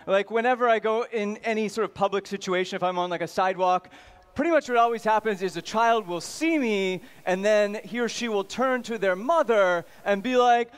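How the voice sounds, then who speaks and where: High-voiced man telling stand-up stories. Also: a little fast, smooth. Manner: animated, acts out quoted voices. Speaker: stand-up comedian. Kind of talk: stand-up comedy storytelling.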